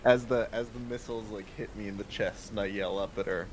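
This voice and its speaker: A man's voice: lowish voice, steady tone, fairly quick, a little hiss or hum. Brash man taunting in character. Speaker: player. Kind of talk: in-character tabletop role-play.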